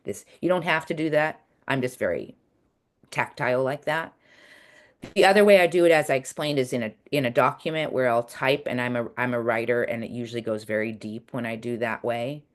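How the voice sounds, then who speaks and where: A woman's voice: extremely low pitch, fairly quick. A woman coach giving a casual, earnest talk over a video call, speaking in a chatty way with many restarts. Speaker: coach and webinar presenter.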